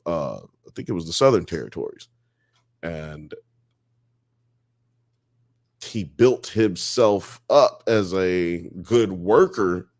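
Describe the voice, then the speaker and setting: A man's voice: sits low, lively intonation, takes it slowly, long pauses, a little mellow, dry recording, clean studio sound. A man hosting a live show, reading chat comments and joking around in a loose, profane, casual way.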